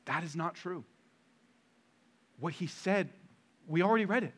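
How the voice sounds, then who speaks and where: A man preaching from the pulpit in a fairly high voice. He drives his points home with rhetorical questions, dropping low and then rising loud and urgent. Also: unhurried, pauses often. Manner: emphatic, swinging from quiet to loud with rhetorical questions. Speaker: pastor. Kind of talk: sermon.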